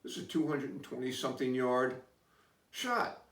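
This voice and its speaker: A man's voice: medium pitch, animated, normal speed, fairly bright tone, recorded from a distance, pitched above the performer's own voice, close to an everyday voice. A man voicing Moses as an exasperated older man, incredulous and scolding. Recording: roomy, away from mic.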